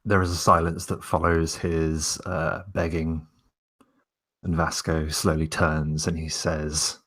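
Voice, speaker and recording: A man describes his character's actions in a tabletop game with an extremely deep voice that sounds husky. He speaks slowly and deliberately, with a flat delivery. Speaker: player. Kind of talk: third-person in-character narration.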